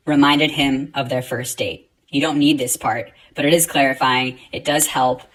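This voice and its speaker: A man teaching a writing lesson, explaining grammar and rereading example sentences slowly and deliberately. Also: medium pitch, a bit bright, poor audio.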